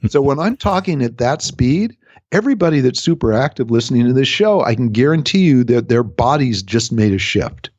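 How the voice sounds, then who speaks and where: A man's voice: mid-range voice, lively intonation, fairly quick, a little mellow, no room sound. A man, a relationship coach, explaining ideas in a casual radio interview, often changing his speed to make a point. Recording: dry, slightly dull radio recording.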